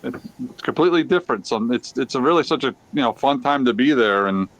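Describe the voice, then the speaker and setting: A man telling a casual story, halting and full of "you know" fillers. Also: mid-range voice, lively intonation, no echo, poor audio. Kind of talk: casual anecdote.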